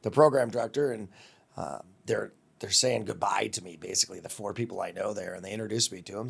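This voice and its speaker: A man in his fifties from Wisconsin, a longtime radio host, telling lively stories in an interview and acting out the voices of people he quotes. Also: on the low side, quick pace, vocal fry, husky. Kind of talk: storytelling interview.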